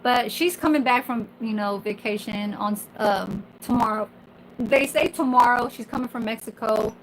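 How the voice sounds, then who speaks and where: A woman's voice: fairly high pitch, moderate pace, slight background noise, poor audio. A woman in her forties, a kitchen worker, venting in a casual, rambling monologue full of fillers and swearing. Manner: candid, profane, rambling with many fillers.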